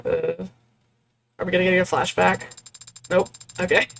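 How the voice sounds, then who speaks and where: A woman's voice: on the low side, flat delivery, a little slow, gravelly, pauses often, a bit bright, a little hiss or hum. Giggly woman streamer chatting over gameplay. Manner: giggly, chatty, lots of fillers. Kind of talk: casual gameplay commentary. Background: faint music.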